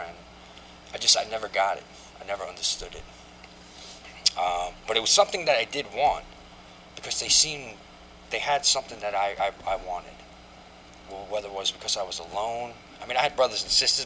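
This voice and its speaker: Guy telling his life story, kinda low voice but punchy and bright, lots of you knows and restarts, faint traffic hum behind. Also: rough recording. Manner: halting and reflective, with frequent "you know" and restarts. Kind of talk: candid personal testimony.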